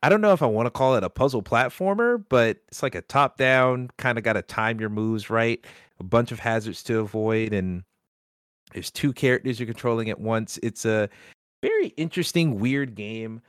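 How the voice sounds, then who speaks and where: A man hosting a casual gaming podcast, talking excitedly and often breaking into laughter. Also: mid-range voice, moderate pace, smooth, dry recording, studio quality. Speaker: podcast host. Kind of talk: casual chat.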